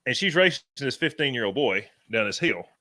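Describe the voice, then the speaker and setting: A man, co-hosting a podcast and telling animated stories in rural slang. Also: mid-range voice, fairly quick, dry recording. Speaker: podcast co-host. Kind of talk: casual storytelling chat.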